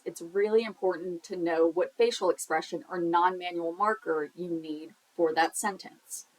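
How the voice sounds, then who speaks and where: A woman's voice: fairly low pitch, rough recording. A young woman teaching a sign language lesson in a casual, chatty way, explaining with examples and the occasional filler.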